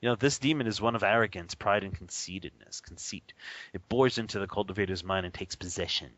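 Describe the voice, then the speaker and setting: Laughing, animated male Buddhist teacher. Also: on the low side, fairly quick, dry recording, lo-fi sound. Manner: animated, laughs often, acts out quoted voices. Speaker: Buddhist teacher on a radio show. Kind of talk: casual teaching talk.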